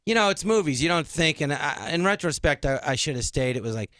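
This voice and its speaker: A middle-aged man, a comedian appearing as a guest in a radio interview, tells stories animatedly in a casual way and acts out what others said. His voice is a little high and fairly quick, in a dry recording.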